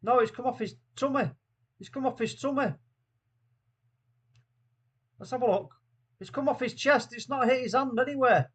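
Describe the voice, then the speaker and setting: High-voiced man hosting a rowdy watchalong. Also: moderate pace, long pauses, breathy edge. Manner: swings from shouting disbelief to low, weary muttering; chatty, greets viewers by name with slang. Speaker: host of a fan watchalong stream. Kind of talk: live football watchalong commentary.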